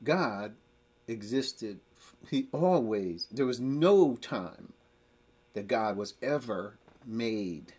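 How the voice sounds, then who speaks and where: A man with a husky, slightly breathy voice teaches through scripture verse by verse. He lays out each phrase slowly and deliberately, then pushes up into emphatic, rising points as he argues. His pitch sits in the middle range for a man. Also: animated, a little mellow. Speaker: Bible teacher.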